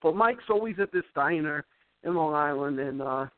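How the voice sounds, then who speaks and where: A man's voice: on the high side, lively intonation, normal speed, no room sound. A man hosting a casual sports call-in show, telling a long rambling story with many restarts. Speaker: sports talk show host. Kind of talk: casual call-in radio chat. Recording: dry tinny phone-line sound.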